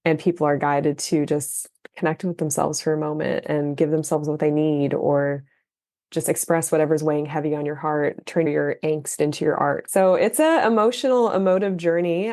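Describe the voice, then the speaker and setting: A woman's voice: deep voice, fairly even intonation, moderate pace, a little mellow. A woman guest on an interview podcast, a dance facilitator and coach, talking earnestly and reflectively with loose fillers. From Florida. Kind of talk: conversational interview. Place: West Palm Beach.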